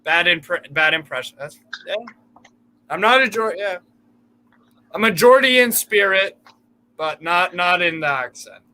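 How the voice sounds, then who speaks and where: An American man co-hosting a live football watchalong, joking loudly and swearing freely. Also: high voice, animated, unhurried, pauses often. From United States. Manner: loud, profane, jokey. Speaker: co-host of fan watchalong. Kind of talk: casual live-stream chat.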